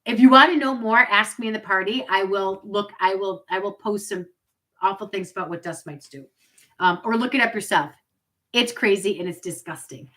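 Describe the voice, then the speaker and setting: A woman's voice: medium pitch, moderate pace, fairly bright tone, rough recording. A woman in her forties hosting a live product demo on webcam, chatty and upbeat, with asides to her viewers. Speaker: product party host.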